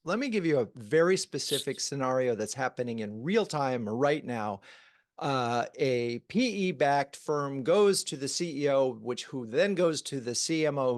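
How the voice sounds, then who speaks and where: A man's voice: mid-range voice, no echo, studio quality. A man hosting the talk, laying out a scenario in a conversational way with a few fillers. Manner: conversational, asks with a worked example, some fillers. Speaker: host. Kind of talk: casual chat.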